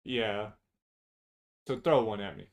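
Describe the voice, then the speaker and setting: A man's voice: on the low side, takes it slowly, gravelly. A man co-hosting a casual chat, blunt and profane, opinionated and prone to long tangents. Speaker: podcast co-host.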